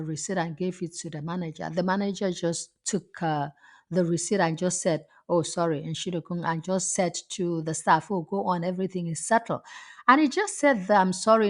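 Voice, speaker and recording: Woman host, lower-pitched, earnest and indignant while recounting something she witnessed. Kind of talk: personal anecdote monologue.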